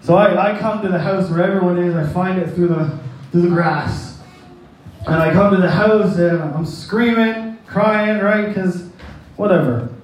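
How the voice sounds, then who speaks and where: Caught by a distant mic in an echoey hall, a man whose voice sits high speaks a little slowly. He is a pastor delivering a sermon, and he rambles through a folksy personal story, chuckling at his own jokes.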